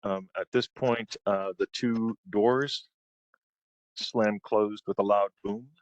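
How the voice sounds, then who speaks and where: A man narrating as game master of a tabletop game, unhurried and full of ums and uhs. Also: on the low side, steady tone, no echo, muffled recording.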